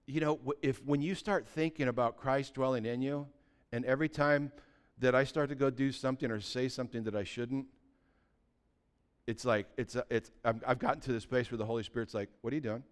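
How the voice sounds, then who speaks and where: Animated male preacher, clear voice. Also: medium pitch, a little fast. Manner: animated, swings from quiet asides to excited shouting. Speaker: pastor. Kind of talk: sermon. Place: church sanctuary with congregation.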